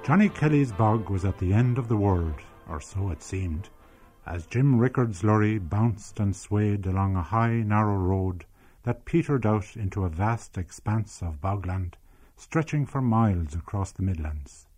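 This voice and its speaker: A man's voice: fairly low pitch, lively intonation, a little slow, darkish tone, faint music behind. Older Irish man narrating lyrically. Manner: lyrical, reminiscent. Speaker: documentary presenter. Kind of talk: scripted narration.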